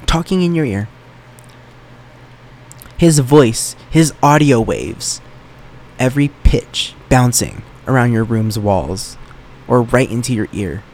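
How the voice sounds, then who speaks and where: A man's voice: medium pitch, animated, takes it slowly, pauses often, a little mellow. A young man hosting his own solo podcast from his bedroom, rambling in a playful, self-mocking way. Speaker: podcast host. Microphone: microphone in his room. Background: faint fan running.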